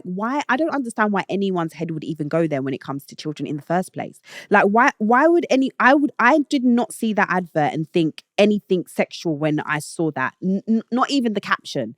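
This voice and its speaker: A woman's voice: mid-range voice, dry recording, clean studio sound. A British woman hosting her own show, giving blunt, opinionated takes in a casual monologue that rises to indignant outbursts. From Britain. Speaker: show host.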